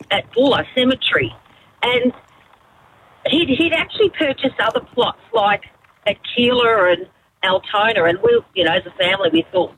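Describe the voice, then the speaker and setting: Female caller, very lively intonation, hesitant storyteller, faint background noise. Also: fairly high pitch, poor audio. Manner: animated storytelling, hesitant fillers. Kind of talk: phone-in story.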